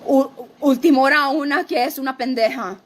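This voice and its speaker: A woman's voice: high-pitched, fast talker. A woman co-hosting a livestream, ranting defensively and swearing, with Spanish phrases mixed in. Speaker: livestream co-host. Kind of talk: heated casual rant.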